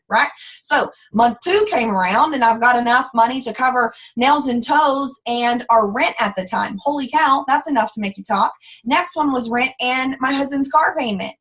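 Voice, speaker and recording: A woman leads a motivational business training, sassy and folksy. She talks animatedly and slips into mocking voices for the people she quotes. Her voice sits somewhat high for a woman. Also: a bit bright, rough recording. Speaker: network marketing team leader.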